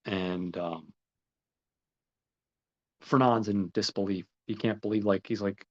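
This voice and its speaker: A man casually recaps a story, rambling from scene to scene and quoting each character with "he's like." His voice sits low. The recording is muffled and lo-fi. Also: fairly even intonation, slow, pauses often, a little mellow. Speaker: podcast host. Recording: dull lo-fi recording.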